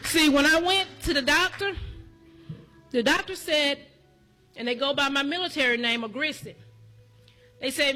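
A woman's voice: on the high side, moderate pace, bright, forceful tone, faint music behind. A woman preaching a testimony sermon as a church elder. She speaks to the congregation directly, repeating her lines in a rhythmic preaching cadence.

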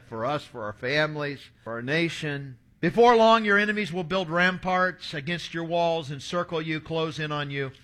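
A man in his sixties delivers a sermon, mixing stories with scripture read aloud. His voice is bright and sits a little high. He speaks with an earnest preacher's manner. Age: 60s. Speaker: pastor.

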